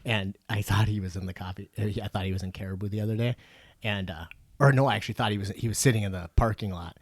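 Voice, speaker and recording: A man co-hosting a podcast, telling stories in casual, profane, animated chat. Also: lowish voice, fast talker, dry recording. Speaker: podcast co-host.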